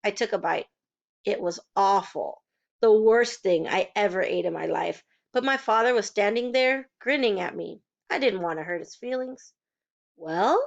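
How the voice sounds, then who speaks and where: A woman reading a children's novel aloud in a steady, plain storytelling voice. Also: medium pitch, normal speed, creaky. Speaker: reader. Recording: dull lo-fi recording.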